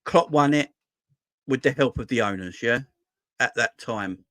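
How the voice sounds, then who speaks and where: A man's voice: medium pitch, measured pace, fairly bright tone, no room sound, clean studio sound. A man hosting a football fan channel, giving a rambling casual opinion monologue that repeats phrases and keeps checking with "yeah?" and "right?".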